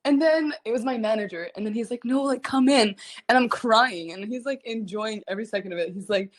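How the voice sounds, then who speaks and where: A young adult woman telling a story to fans in casual livestream chat, animated and full of fillers, laughing often between phrases. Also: medium pitch, quick pace. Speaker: singer chatting with fans.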